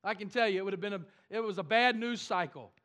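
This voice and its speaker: A man preaching a sermon to his church, animated and with wry asides. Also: high voice, fast. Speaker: pastor.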